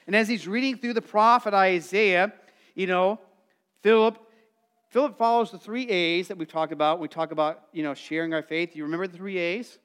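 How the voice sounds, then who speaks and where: Middle-aged guy preaching, high voice, chatty and animated, gets the crowd to answer back. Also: moderate pace, clean tone. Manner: conversational, animated, acts out quotes; calls for congregation responses. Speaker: pastor. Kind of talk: sermon.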